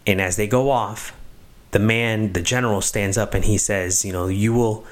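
Man, lowish voice, moralizing talk; stresses key words, stumbles and restarts. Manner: emphatic, lingers on key words; halting, with restarts and fillers. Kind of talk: moral reflection on a film.

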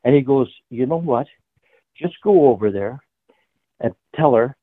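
An older former hockey player, appearing as a guest, casually recounts a hockey tale full of profanity and frequent laughter. His medium-pitched voice is animated, his pace measured with long pauses, and the dry, tinny phone-like audio has no room sound.

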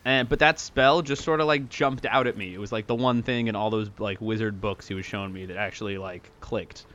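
A man's voice: fairly low pitch, fairly even intonation, a little fast, a bit bright, muffled recording, slight background noise. A man playing a tabletop role-playing game, talking hesitantly with many fillers. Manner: hesitant, lots of ums and likes. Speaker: player. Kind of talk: in-character tabletop game play.

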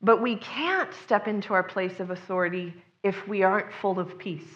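A woman's voice: medium pitch, normal speed, fairly bright tone. Earnest woman preaching, lo-fi sound. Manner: earnest, conversational, acts out quoted voices. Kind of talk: sermon.

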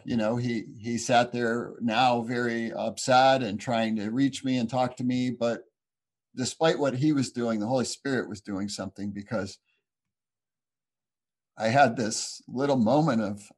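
A man gives a personal faith testimony in a mid-range voice. He speaks earnestly and reflectively, often halting and restarting his sentences as he searches for words. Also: medium pitch.

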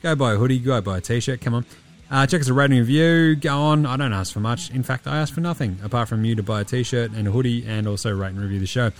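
A man's voice: medium pitch, fast. A young Australian man hosting a casual sports podcast, laid-back and sweary, his voice tired and giving out. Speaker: podcast host.

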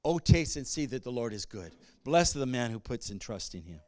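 A male pastor giving a sermon, moving between conversational asides and loud call-and-response bursts. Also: mid-range voice, sing-song, moderate pace.

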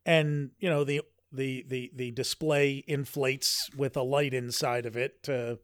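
A man's voice: medium pitch, fairly even intonation, a little slow, no room sound. A man co-hosting a podcast in casual chat, rambling with frequent restarts. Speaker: podcast co-host.

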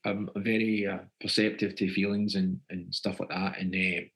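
A man's voice: low voice, little pitch movement, moderate pace, a bit bright, poor audio. A Scottish man, a guest actor, chatting casually in a rambling way with plenty of fillers. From Scotland. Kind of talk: casual interview chat.

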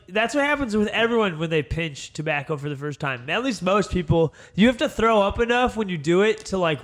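A man's voice: fairly high pitch, a bit bright. A young man co-hosting a podcast, rambling loosely in casual chat, full of fillers. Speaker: podcast co-host.

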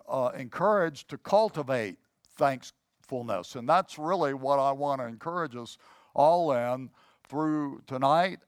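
A conversational preacher, dry and close. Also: male voice, medium pitch, smooth, dry recording. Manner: conversational, with many fillers and restarts. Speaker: pastor. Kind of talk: sermon with a told joke story.

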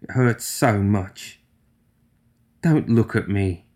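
A man reading a storybook, voicing a volatile half-metal woman with a steely, oily voice, speaking slowly and with menace. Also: medium pitch, pushed and bright, pitched above the performer's own voice. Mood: pained. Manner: slow, clipped, menacing.

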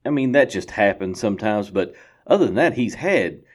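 A man's voice: lowish voice, expressive, moderate pace. A man joining a casual sports podcast as a guest, dry and matter-of-fact.

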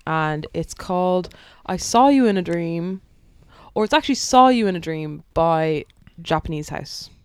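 A woman's voice: on the low side, lively intonation, a little slow, clear, resonant tone, no echo. A woman appearing as a podcast guest, talking in a hesitant way with fillers. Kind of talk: casual chat.

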